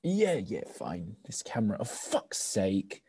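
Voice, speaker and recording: An actor playing a flustered casting director who rambles with stammers and fillers. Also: male voice, medium pitch, big pitch swings, warm tone, slightly rough, dry recording. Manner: halting, stammering, filler-heavy.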